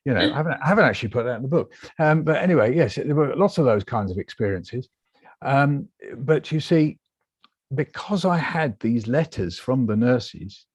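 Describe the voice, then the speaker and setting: A British man, a guest author, telling his story in a lively interview and acting out the voices he quotes. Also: medium pitch, normal speed, dry recording. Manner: animated, acts out quoted voices.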